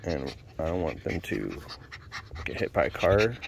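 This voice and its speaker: A man at home filming his dogs, chatting casually and switching between hushed whispers and excited shouts. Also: very deep voice, measured pace, gravelly, slight background noise. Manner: talks to his dogs in baby talk. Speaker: dog owner filming his pets. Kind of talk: casual chat. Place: home basement.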